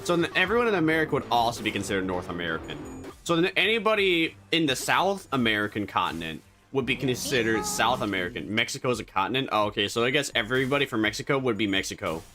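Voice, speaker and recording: A man's voice: mid-range voice, sing-song, fast talker, sharp tone, faint music behind. A man chatting casually on a game stream, joking and rambling. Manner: joking, rambling, self-correcting.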